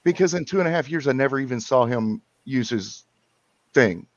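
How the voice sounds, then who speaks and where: A man's voice: mid-range voice, expressive, normal speed, no room sound. A man, calling in and telling a long story in casual chat, rambling with restarts and repeats. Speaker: caller. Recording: muffled lo-fi sound.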